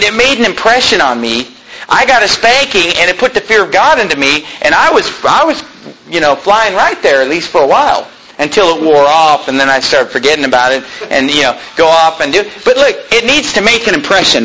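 A middle-aged man delivers an emphatic sermon in a high, bright, sharp voice. His pitch leaps around animatedly as he presses his points and turns to the congregation with quick asides. A faint hiss sits under the recording. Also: big pitch swings, rough recording. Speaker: pastor.

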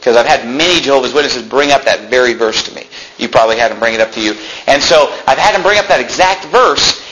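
A man's voice: mid-range voice, fast, a little hiss or hum, rough recording. A man preaching a sermon, reading Bible verses aloud and telling stories in which he acts out the people he talked to. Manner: animated storytelling, acts out voices in anecdotes; reads Bible verses in King James wording.

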